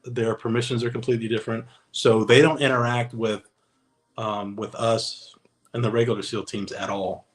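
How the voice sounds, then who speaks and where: In poor audio, a mid-range male voice with a level tone and normal speed tells stories as a guest on an interview podcast. The guest, a former Navy special operator, is easygoing and anecdotal, acting out the dialogue in casual interview storytelling.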